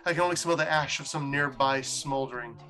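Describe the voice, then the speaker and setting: A solemn dying angel woman speaks a grave last prayer in a slow, hushed reading, as a man reads her lines. The voice stays bright, with soft music behind it. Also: mid-range voice, close to an everyday voice.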